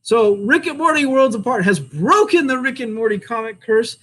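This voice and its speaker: A man's voice: very high-pitched, lively intonation, normal speed, a bit bright, low-quality recording. An American man with a rambling, opinionated manner, chatting casually while reviewing comics and laughing often.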